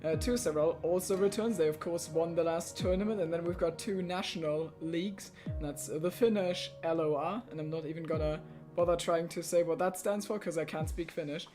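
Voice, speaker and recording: A man's voice: on the high side, a little fast, over music. A man hosting and commentating a live online racing tournament in a chatty, jokey way, running the show. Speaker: host commentator.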